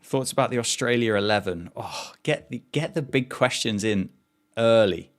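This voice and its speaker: A man with a mid-range voice talks at a normal speed while hosting a live cricket watchalong. As the livestream host, he keeps things chatty, reading viewer messages aloud and reacting to the play.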